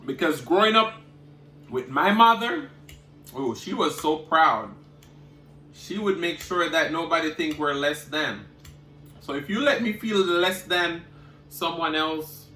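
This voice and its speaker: A man's voice: fairly high pitch, echoey room. A man, talking casually to viewers while eating and humming over his food. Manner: eating with loud savoring hums between remarks; chatty, talking straight to viewers. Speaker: cooking vlogger. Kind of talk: casual mukbang chat.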